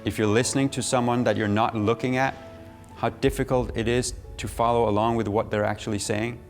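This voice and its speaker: Lively man teaching a speaking workshop. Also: mid-range voice, a little fast, soft background music. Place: workshop room.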